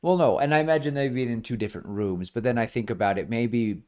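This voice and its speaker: A man co-hosting a podcast, chatting casually as he pitches a film idea and acts out bits of dialogue along the way. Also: quick pace, darkish tone. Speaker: podcast co-host. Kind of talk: casual pitch-meeting chat.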